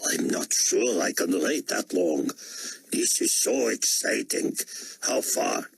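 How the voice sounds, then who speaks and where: A man's voice: fairly low pitch, big pitch swings, creaky, background noise, voice pushed up, exaggerated voice. A man voicing an eager, burly German man with a thick German accent, firing off questions. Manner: eager, gushing, rapid questions.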